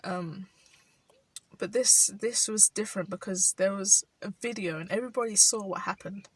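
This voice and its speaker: A young woman with a London accent reflects on camera in an unhurried, personal way, often saying "like" as she thinks. Her voice is husky and a touch breathy. The recording is dry and set a bit back from the microphone. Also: mid-range voice, no room sound, far from the mic, poor audio. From South London, England. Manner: thoughtful, frequent "like" fillers, soft laughs. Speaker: vlogger. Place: indoors while rain falls outside.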